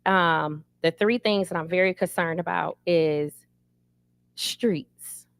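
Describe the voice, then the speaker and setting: A woman's voice: on the low side, slow pace, creaky, no room sound. Council candidate, woman, middle-aged, candid and emphatic. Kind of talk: interview answers.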